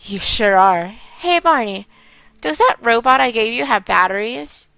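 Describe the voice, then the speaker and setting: A woman voicing a worried young mother who soothes her sick child in a gentle, tender way while reading game dialogue aloud. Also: a little high, animated, a little slow, vocal fry, smooth, dry recording, heavily acted.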